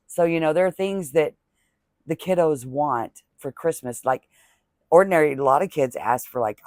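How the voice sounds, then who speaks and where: A man's voice: medium pitch, unhurried, pauses often, darkish tone, dry recording, studio quality. A man chatting casually to camera as a crochet vlogger, rambling and heartfelt, thanking viewers with religious blessings. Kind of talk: casual talking-to-camera vlog chat.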